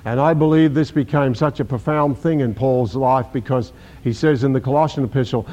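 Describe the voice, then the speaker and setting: A man's voice: medium pitch, a little fast, hardly any pauses, warm tone. An older man preaching a sermon, emphatic, repeating key words and acting out the scripture he quotes. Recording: dull lo-fi recording.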